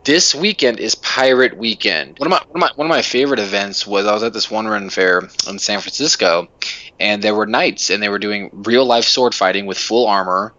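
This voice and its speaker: A man's voice: lowish voice, a little fast, pushed and bright, dry recording, muffled recording. A man hosting a podcast, ranting in a casual, profane way with lots of emphatic restarts. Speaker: podcast host.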